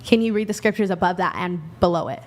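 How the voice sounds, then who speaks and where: A woman's voice: lowish voice, fast, darkish tone, slight background noise. A woman pushing back persistently in a debate, asking again and again for more context. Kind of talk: debate exchange.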